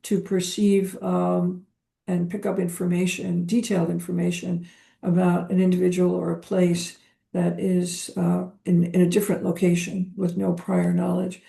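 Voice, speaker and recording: A woman guest, a psychotherapist, talking in a reflective, hesitant way with frequent pauses and ums during a spiritual interview. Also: fairly low pitch, completely flat delivery, vocal fry, warm tone.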